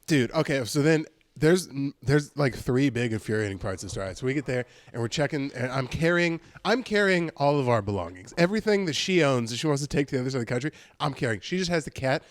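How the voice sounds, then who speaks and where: A man's voice: fast talker, few pauses, no room sound. A man co-hosting a podcast, telling a story in casual chat, swearing freely and mimicking other people. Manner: animated, swearing, mimics people in high voices. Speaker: podcast co-host. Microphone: studio podcast mic.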